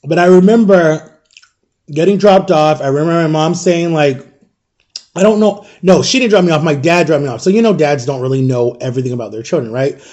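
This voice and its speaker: A man in his thirties telling a personal story in a casual vlog, animated and acting out the people in it. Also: on the high side, fairly quick. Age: 30s. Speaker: storytime vlogger.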